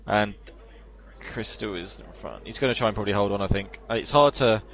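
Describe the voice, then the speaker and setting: A man's voice: fairly low pitch, fairly quick, lo-fi sound. Chatty male sim racing commentator. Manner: chatty, analytical, excited on incidents. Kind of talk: live esports race commentary.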